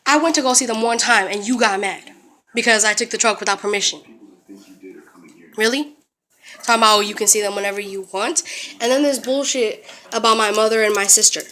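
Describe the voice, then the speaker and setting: A woman's voice: on the high side, fairly quick, long pauses, pushed and bright, slight background noise. A young woman angrily confronting her in-laws, cursing and sarcastically quoting them. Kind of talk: angry confrontational rant to family.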